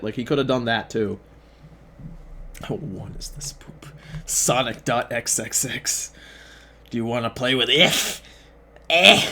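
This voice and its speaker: A man's voice: medium pitch, fairly bright tone, slight background noise. Sarcastic young man reading fan fiction. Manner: sarcastic, profane asides mocking the text. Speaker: fan fiction reader and host. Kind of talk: reading aloud with sarcastic commentary.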